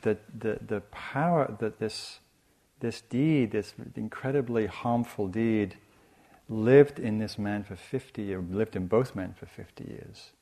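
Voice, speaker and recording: A man giving a dharma talk as a meditation teacher, speaking softly and reflectively in a measured way. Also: lowish voice. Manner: soft, measured and reflective, with frequent restarts.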